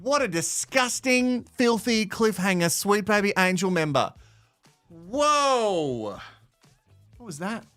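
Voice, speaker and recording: A man's voice: high voice, big pitch swings, slow pace, a bit bright, no echo, soft background music. An Australian man hosting a live watch-along, sarcastic and swearing with bursts of laughter. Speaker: host reacting to a reality show.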